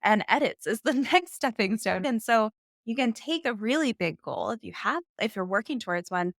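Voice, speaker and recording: A woman's voice: fairly high pitch, lively intonation, moderate pace, fairly bright tone, no room sound, clean studio sound. A woman author speaking as a podcast guest, reassuring and encouraging as she talks about goals. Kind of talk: casual interview chat.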